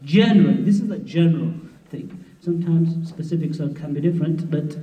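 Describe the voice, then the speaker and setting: A man's voice: fairly high pitch, a little fast. A man, a mufti, giving a conversational, humorous workshop lecture on marriage, acting out what spouses say. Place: mosque hall at a conference. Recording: roomy hall, distant mic, dull sound.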